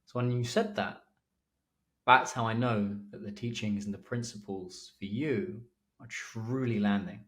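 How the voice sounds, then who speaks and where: A man hosting a mental performance coaching podcast, speaking in an earnest, motivational, measured way. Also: fairly low pitch, a bit bright.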